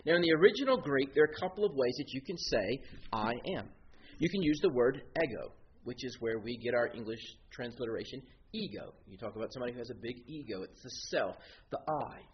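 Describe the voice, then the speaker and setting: Lively lo-fi male preacher. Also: mid-range voice. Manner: animated teaching, explaining Greek words step by step. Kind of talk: expository sermon. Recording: dull lo-fi sound with faint noise.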